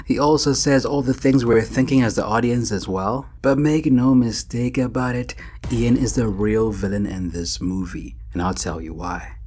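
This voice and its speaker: A man's voice: medium pitch, steady tone, moderate pace, darkish tone, a little hiss or hum. A man giving a comedic movie commentary and acting out characters' lines. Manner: joking, acts out characters' lines.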